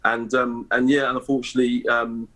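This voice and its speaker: A man's voice: medium pitch, level tone, brisk, sharp tone, poor audio. A middle-aged man, a guest in a live broadcast interview, talking hesitantly with many fillers and restarts. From East London, England. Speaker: interview guest, award ambassador.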